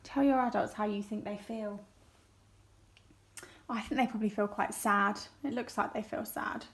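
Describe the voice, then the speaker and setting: A woman teacher, reading a story aloud to young children and asking them questions. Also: fairly high pitch. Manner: slow and clear, asks children questions. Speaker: primary school teacher.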